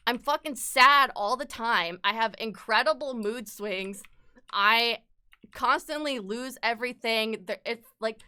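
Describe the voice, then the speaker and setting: Young woman streamer, frank casual chat, smooth and sharp voice. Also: on the high side. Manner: candid and frank, swears freely; upset, close to tears at times.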